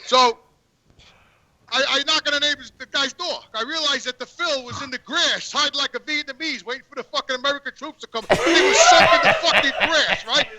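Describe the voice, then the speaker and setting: A high-pitched man with a very bright, piercing voice spins a crude workday tale. He swears constantly and trips over repeated words as he talks. He is outdoors on a work job. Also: brisk. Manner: profane, stammering repeats. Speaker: guest calling in. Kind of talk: crude comic storytelling.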